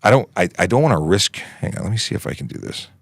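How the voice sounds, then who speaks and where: A man's voice: lowish voice, animated, fast, dry recording, clean studio sound. A man in his forties, from Canada, hosting a casual police Q&A livestream in a chatty, upbeat way with rambling asides. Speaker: livestream host, police constable.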